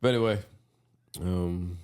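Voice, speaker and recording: A man co-hosting a casual podcast, laid-back and animated, laughing often as he tells stories. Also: deep voice, unhurried, smooth. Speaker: podcast co-host. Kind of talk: casual chat.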